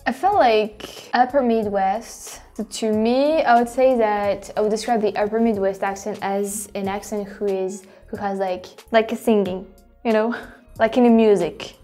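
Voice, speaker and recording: A woman's voice: medium pitch, fairly even intonation, measured pace, dark tone, soft background music. A woman with a French accent, a native French speaker, hosting a vlog and thinking aloud with many restarts and fillers. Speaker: host. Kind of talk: casual vlog commentary.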